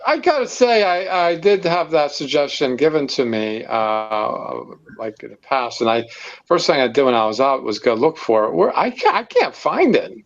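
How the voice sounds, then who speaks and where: Halting man hosting a hobby call. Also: mid-range voice, big pitch swings, dull audio. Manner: halting, many fillers, laughs easily. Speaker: host of a modeling hangout. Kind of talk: casual video-call chat. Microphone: video call.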